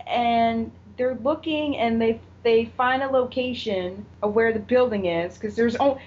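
A woman co-hosting a podcast, animatedly retelling a TV episode in casual chat and acting out the characters' lines. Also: on the high side. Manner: animated retelling, acts out quotes, swears. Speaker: podcast co-host. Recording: dull lo-fi audio with faint noise.

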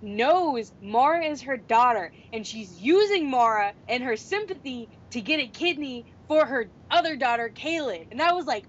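A woman's voice: high-pitched, animated, moderate pace, hardly any pauses. A woman co-hosting a casual chat, sharing her theories about an episode with enthusiasm. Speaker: podcast co-host. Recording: dull lo-fi recording with faint noise.

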